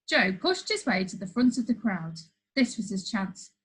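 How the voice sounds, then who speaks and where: A woman's voice: mid-range voice, sing-song, moderate pace, slightly rough, rough recording. A woman reading a funny children's story aloud, playful, with chatty asides to the listener. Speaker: storybook reader.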